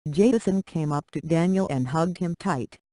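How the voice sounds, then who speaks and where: A reader narrating a short romance story aloud in a plain, steady way. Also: mid-range voice, measured pace, dry recording, low-quality recording.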